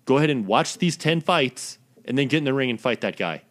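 A man's voice: medium pitch, lively intonation, brisk, few pauses, fairly bright tone. A man delivering a profane, blunt, exasperated ranting monologue as the host of his own recording.

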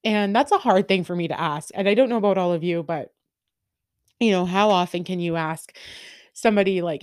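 Low-voiced woman in her thirties, candid. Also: animated, moderate pace, dry recording, clean studio sound. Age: 30s. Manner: open, rambling, lots of fillers and laughs. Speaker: podcast host. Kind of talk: candid personal monologue.

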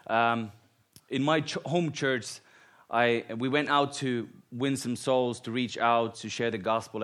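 A man from Finland with a Finnish accent, a guest preacher telling personal stories and laughing often. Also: medium pitch. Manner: laughs often, animated and self-deprecating.

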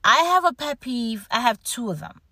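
Woman host ranting away in a casual chat, kinda high voice, dry close sound. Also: moderate pace, dry recording. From United States. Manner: animated ranting, laughs at herself. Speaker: podcast host.

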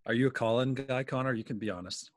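A man's voice: mid-range voice, fast, dry recording, studio quality. A man co-hosting a golf podcast in casual chat, joking and bantering with the others.

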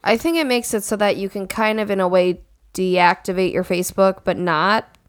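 A woman's voice: mid-range voice, moderate pace, dry recording, clean studio sound. A woman in casual conversation, musing and talking ideas through. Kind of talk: casual chat.

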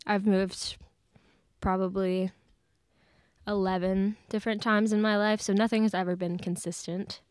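Young woman, late teens, podcast guest, casual chat, chatty, frequent laughter, smooth voice. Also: medium pitch, level tone, a little slow, a little mellow, dry recording. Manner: chatty, laughs often, many fillers. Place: church studio.

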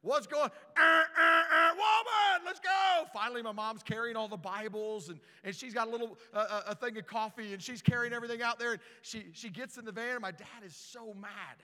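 A man preaching a storytelling sermon, animated and stumbling over repeated words as he starts sentences. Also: sits high, fast talker, few pauses, long reverb tail.

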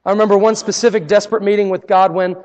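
A man preaching a sermon, telling personal stories in an earnest way and dropping to a hush at key moments. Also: high-pitched, level tone, quick pace, in a large hall. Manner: earnest, personal storytelling with dramatic quiet drops. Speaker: pastor.

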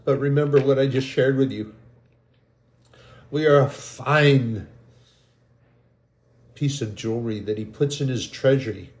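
A man giving an emotional, halting sermon testimony as a lay preacher. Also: medium pitch, a little mellow, reverberant. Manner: slow, halting, grows emotional and choked.

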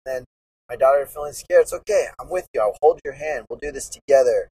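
Man, thirties, podcast host, husky, earnest, rambling, distant mic. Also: mid-range voice, fast, dark tone. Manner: earnest, rambling, with many restarts. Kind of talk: casual reflective monologue.

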